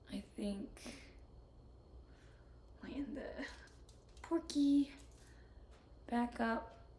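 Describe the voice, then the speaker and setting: A woman's voice: medium pitch, a little hiss or hum. A young woman from South Carolina, chatting casually while she paints, swearing freely, ranting, and muttering half-whispered asides to herself. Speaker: vlogger. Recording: roomy echo with faint ambience.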